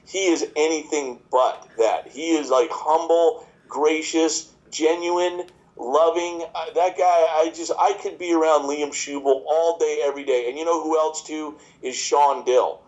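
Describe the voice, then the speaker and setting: A man's voice: on the high side, fairly even intonation, a little slow, darkish tone, lo-fi sound. Rambling, joking man in his fifties. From New York. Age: 50s. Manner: rambling, jokey, many restarts and fillers. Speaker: chiropractor guest. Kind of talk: casual podcast interview.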